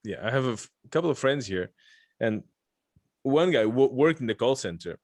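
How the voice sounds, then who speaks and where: A man's voice: mid-range voice, animated, normal speed, darkish tone, no room sound, clean studio sound. A man from Lithuania hosting a podcast, chatting casually and joking, rambling with frequent restarts. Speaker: podcast host. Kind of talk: casual chat.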